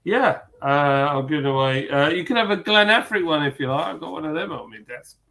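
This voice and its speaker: A man's voice: fairly high pitch, expressive, brisk, vocal fry, bright, forceful tone. A man hosting a casual live stream chat over beers, laughing easily and mimicking people in his stories.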